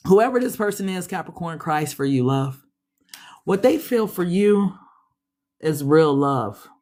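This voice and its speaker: A woman's voice: fairly low pitch, expressive, a little slow, darkish tone. A woman giving a casual tarot reading, chatty and slangy, speaking straight to her listeners and sounding a bit stuffy. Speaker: tarot reader.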